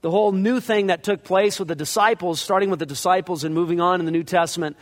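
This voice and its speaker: In a large hall with long reverb, a fast-talking pastor with a high-pitched, steady voice gives an expository sermon. He goes through scripture verse by verse, chatting conversationally and performing the passages in character.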